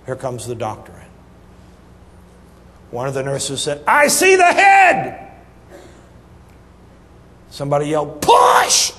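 Folksy storytelling preacher in a reverberant hall. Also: male voice, mid-range voice, a little hiss or hum. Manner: folksy, animated storyteller shifting between loud punchlines and soft asides. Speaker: pastor. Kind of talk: sermon with humorous storytelling. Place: church sanctuary. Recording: reverberant church hall, faint ambience.

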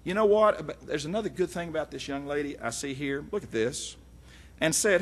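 A middle-aged man, teaching from the Bible in a folksy, animated way with frequent asides. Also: on the high side, moderate pace. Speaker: preacher.

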